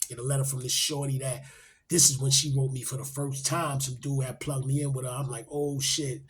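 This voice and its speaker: A man's voice: mid-range voice, brisk, husky. A middle-aged man, telling a story in casual street talk and acting out the quotes. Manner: animated, acts out quotes, rising loud when excited.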